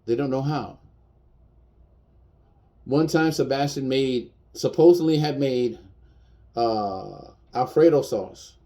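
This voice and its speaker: A man's voice: mid-range voice, slow pace, long pauses, warm tone. A man in his fifties, a chef, speaking bluntly and defiantly in a personal video rant, repeating his points for emphasis. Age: 50s.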